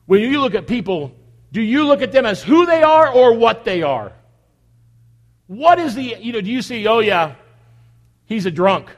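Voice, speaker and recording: A pastor with a very high, sing-song voice preaches at a normal speed from the church's communion table. His sermon is conversational and full of repeated rhetorical questions, and the recording rings with a big hall's long echo.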